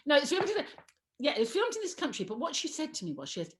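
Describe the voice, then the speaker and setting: A woman on a sofa at home, telling a lively anecdote as an interview guest, laughing, trailing off and acting out the voices. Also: sits high, very fast. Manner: excitable, laughing, trailing off and restarting. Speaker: guest telling career stories.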